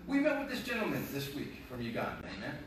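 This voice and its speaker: Impassioned preacher in an echoey hall. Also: male voice, medium pitch, huge pitch swings, fast talker, a bit bright, slight background noise. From North Jersey, USA. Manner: impassioned, hammering rhetorical questions and repeated phrases. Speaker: pastor. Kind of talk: sermon. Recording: very echoey room, mic at a distance.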